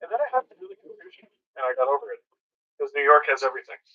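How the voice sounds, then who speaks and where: A man's voice: mid-range voice, sing-song, rapid-fire, narrow, tinny audio. A man hosting hockey game commentary, playful and joking, with mock sponsor reads. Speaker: hockey broadcast host. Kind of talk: comedic live game commentary.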